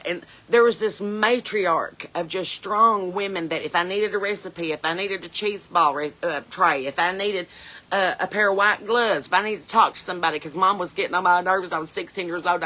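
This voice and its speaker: A woman's voice: medium pitch, bright, forceful tone. A woman playing a blunt, chain-smoking porch mom, talking in a folksy, earnest, rambling way. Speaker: comedian in character. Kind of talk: comedic character monologue.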